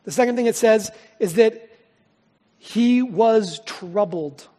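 A male pastor preaching a sermon with emphasis, moving between loud declarations and hushed, tender passages. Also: high voice, slow pace. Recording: long hall reverb.

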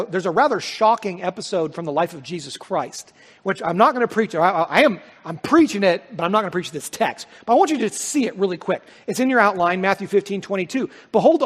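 A man's voice: high-pitched, breathy edge. A man preaching a sermon, reading scripture and talking conversationally with emphatic, stammering restarts. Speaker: pastor. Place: church sanctuary. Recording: long hall reverb.

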